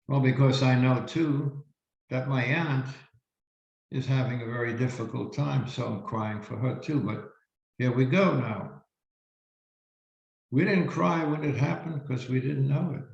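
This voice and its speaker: A male reverend giving a spiritual teaching talk, telling a story slowly and reflectively with emphatic pauses. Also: medium pitch, gravelly. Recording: roomy, dull lo-fi recording.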